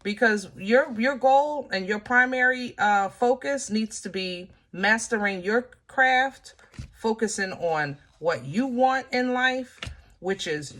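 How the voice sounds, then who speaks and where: A woman's voice: mid-range voice, a bit bright. A woman giving a casual, chatty tarot reading, talking straight to her viewers with colloquial asides and easy laughs. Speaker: tarot reader.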